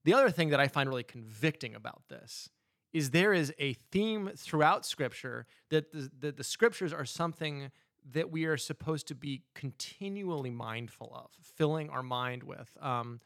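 A man chatting casually as a podcast co-host, adding quick asides and telling stories with energy. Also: on the high side, vocal fry, dry recording, clean studio sound. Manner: animated storyteller, quick asides. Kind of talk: casual chat.

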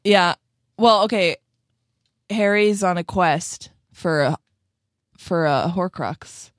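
A man from Cleveland co-hosting a podcast, playful and quick to jump into silly character voices. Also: high-pitched, dry recording, clean studio sound. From Cleveland, Ohio. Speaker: podcast co-host. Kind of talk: casual chat.

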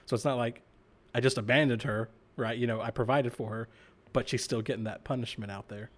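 A man on a podcast who chats casually in a middle-pitched voice. He makes his points through homely examples and checks in with a quick "right?" now and then. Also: fairly even intonation. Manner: casual, relatable, uses everyday examples. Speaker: podcast co-host. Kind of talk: casual religious podcast discussion.

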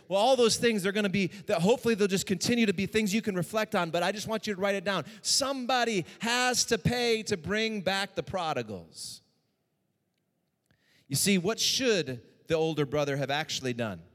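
A man preaching a sermon as pastor, moving between hushed personal tones and raised, urgent exhortation. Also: high voice, big-room sound.

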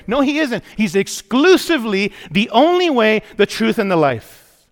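A pastor with a high-pitched, sing-song voice preaches a sermon in a church at a moderate pace. He is emphatic, repeats key phrases, and puts questions to the congregation, with a long hall reverb on the recording.

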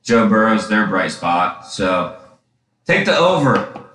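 A man co-hosting a podcast in casual chat, who swears and gets loud and laughing when telling stories. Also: lowish voice, very animated, slow, slight background noise. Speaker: podcast co-host. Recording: roomy echo.

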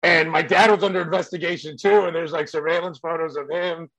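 A man's voice: fairly high pitch, steady tone, a little fast, a bit bright, no echo, poor audio. A male comedian telling a story in casual chat, rambling and profane with many fillers.

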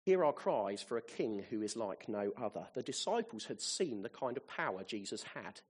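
A man preaching a sermon to his congregation, animated, with his voice rising to excited peaks. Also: on the low side, moderate pace, breathy edge.

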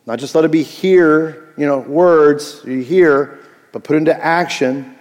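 A man preaching a Father's Day sermon as pastor, animated and jokey, swinging from loud to soft. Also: fairly high pitch, measured pace, long reverb tail.

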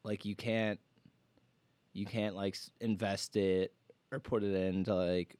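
A man from Wisconsin co-hosting a casual podcast, tossing out deadpan, absurd quips. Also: on the low side, unhurried, dry recording. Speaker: podcast co-host. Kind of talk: casual banter.

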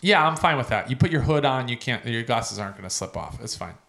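A man's voice: mid-range voice, lively intonation, quick pace, creaky, pushed and bright. Man telling a rowdy, profane story. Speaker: podcast co-host. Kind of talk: casual chat.

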